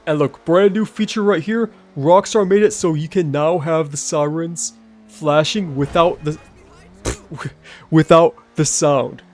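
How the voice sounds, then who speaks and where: A man's voice: on the high side, measured pace, a little mellow. A man giving casual gameplay commentary over footage as a gaming YouTuber, talking straight to his viewers in a chatty way.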